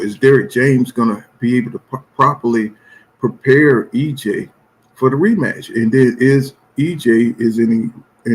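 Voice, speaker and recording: A man hosting a boxing channel, talking in a loose, rambling live-stream style with constant "you know what I'm saying" filler and blunt, profane opinions. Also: medium pitch. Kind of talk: casual live-stream commentary.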